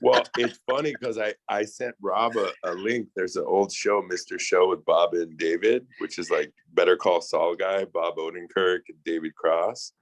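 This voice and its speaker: A man's voice: low voice, steady tone, normal speed, hardly any pauses, dry recording. A man co-hosting a podcast over a video call, talking in a loose, joking way with lots of fillers. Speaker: podcast co-host. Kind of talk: casual chat.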